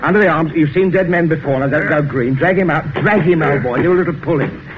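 An actor playing a genial but murderous father with a gun in an old radio drama, chuckling and smooth. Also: on the high side, a little fast, slight background noise, natural voice. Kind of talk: 1940s radio acting. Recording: dull old radio broadcast.

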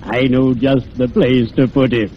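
An actor playing a morbid undertaker friend who speaks slowly and makes grave puns, in 1940s radio comedy style. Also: male voice, mid-range voice, level tone, close to an everyday voice. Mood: sepulchral. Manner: slow, sepulchral and punning. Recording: muffled old radio broadcast with faint hiss.

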